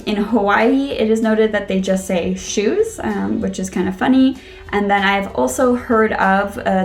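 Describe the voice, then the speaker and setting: A woman's voice: mid-range voice, vocal fry, a little mellow. A young adult woman with a Western New England accent gives a casual, explanatory English lesson, thinking aloud with frequent ums. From Connecticut, USA. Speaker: English teacher.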